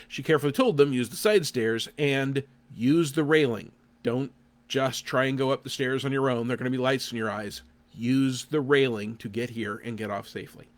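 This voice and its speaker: Dry-humored man in his fifties. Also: medium pitch. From Oklahoma. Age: 50s. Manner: dry, deliberate, self-deprecating, with frequent "uh" fillers. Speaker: game designer reviewing a local event. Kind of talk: casual spoken review to camera.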